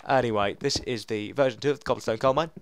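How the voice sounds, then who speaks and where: A young man giving rambling, chatty let's play commentary to his viewers, often jumping into excited outbursts. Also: medium pitch, quick pace, a little hiss or hum. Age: young adult. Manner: chatty and rambling, talking to viewers while playing. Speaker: gaming channel host.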